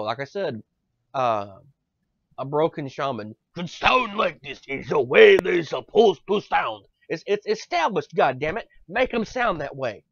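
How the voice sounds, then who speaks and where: A man's voice: fairly high pitch, dry recording. A man co-hosting a podcast in a casual rant; he is exasperated, swears a lot and repeats his words. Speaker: podcast co-host. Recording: dull lo-fi podcast audio.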